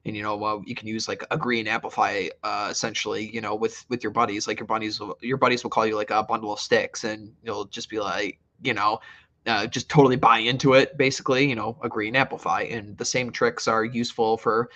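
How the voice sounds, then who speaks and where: A man hosting a casual podcast chat, talking haltingly with many fillers. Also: fairly low pitch, level tone, sharp tone. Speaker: podcast host. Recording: dull lo-fi sound.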